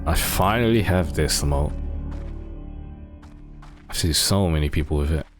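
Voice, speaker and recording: Very deep-voiced male game streamer. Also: a little slow, faint music behind. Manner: chatty, wry reactions to the game. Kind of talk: casual live-stream commentary.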